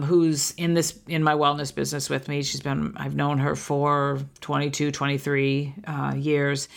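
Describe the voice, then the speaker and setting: A heartfelt woman in her fifties hosts a podcast in a slightly low voice. She speaks earnestly, often restarting her sentences as she reflects out loud. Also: gravelly. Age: 50s. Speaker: podcast host.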